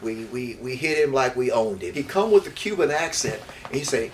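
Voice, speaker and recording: An older man, a former baseball player, telling stories from his life in an interview. He talks in a rambling way, repeating words and restarting, and grows lively as he recalls events. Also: medium pitch, a little fast, few pauses. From Houston, Texas. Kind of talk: reminiscing storytelling in an interview. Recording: distant mic with faint background noise.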